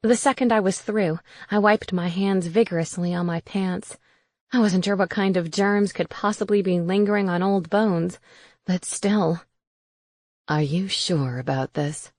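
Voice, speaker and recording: A woman's voice: mid-range voice, fairly even intonation, normal speed, darkish tone, no room sound. Lady reading a mystery audiobook, dry close mic, easy wry delivery. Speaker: audiobook narrator. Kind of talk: first-person audiobook narration.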